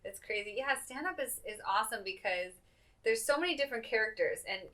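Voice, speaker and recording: Bright, eager woman host. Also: a little high, animated, quick pace. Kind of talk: casual interview.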